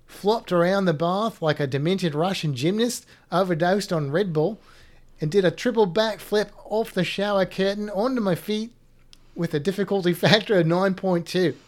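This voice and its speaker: A man's voice: high-pitched, normal speed, darkish tone, lightly acted. A man doing a put-on Australian accent to read out a comic story from a listener. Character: jokey Australian man telling a cruise story.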